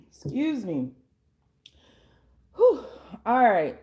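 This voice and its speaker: Hoarse young woman tarot reader, mellow, slightly high voice, blunt and chatty. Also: huge pitch swings, very slow. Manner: chatty, blunt, swears casually. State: hoarse, losing her voice. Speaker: tarot reader and life coach. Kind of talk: casual tarot reading.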